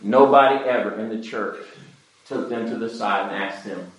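A man's voice: on the low side, moderate pace, reverberant, rough recording. A pastor preaching an earnest, pleading sermon to his church. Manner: earnest, pleading preaching with wide swings in loudness.

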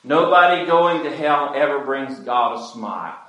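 Male pastor, mid pitch, pleading sermon delivery, roomy church echo. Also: lively intonation, moderate pace. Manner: earnest, pleading preaching with wide swings in loudness.

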